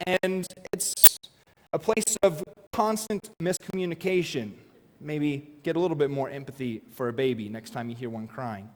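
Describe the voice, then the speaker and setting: A man's voice: fairly high pitch, moderate pace. A man in his thirties giving a conversational sermon, stressing words for emphasis. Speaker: preacher. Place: church sanctuary. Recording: long reverb of a church hall.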